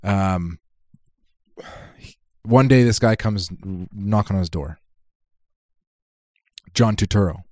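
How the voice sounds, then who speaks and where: A very low-voiced man co-hosts a podcast in loose, casual chat. He swears freely and rambles through his stories. The sound is dry and close, with no room echo. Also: takes it slowly, pauses often, darkish tone. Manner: profane, rambling storyteller. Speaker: podcast co-host.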